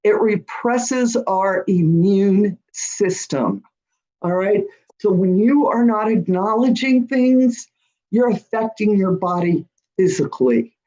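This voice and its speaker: Slow-spoken woman hosting a chatty livestream Q&A. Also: mid-range voice, dark tone, muffled recording. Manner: chatty and encouraging, often checks in with "all right?". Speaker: host of a witchcraft channel. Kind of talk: live-stream Q&A, reading viewer comments.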